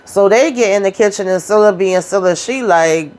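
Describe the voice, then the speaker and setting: A woman's voice: mid-range voice, moderate pace, hardly any pauses, darkish tone. A woman casually recapping a TV drama episode, acting out the characters' lines with slangy asides. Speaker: TV recap host.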